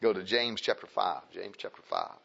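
A man's voice: low-pitched, wildly swooping pitch, normal speed, creaky, sharp tone, slightly rough, muffled recording. A man preaching a sermon in a folksy, conversational way, asking his listeners frequent rhetorical questions.

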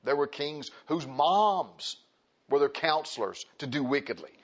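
A man preaches a sermon to a congregation, reading scripture aloud and repeating phrases for emphasis in a conversational way. His voice is on the high side, unhurried, with lively intonation and a breathy edge, on a slightly muffled recording.

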